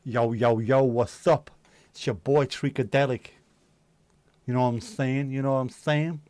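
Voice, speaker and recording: A man's voice: mid-range voice, fairly even intonation, measured pace, a little mellow, no echo, lightly acted. A man voicing a swaggering young male gangsta hype-man with brash, drawling street slang.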